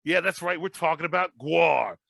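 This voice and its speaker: A man in his thirties hosting a casual podcast chat, rambling and self-deprecating, animated as he talks. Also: on the high side, normal speed, gravelly, no room sound. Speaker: podcast host.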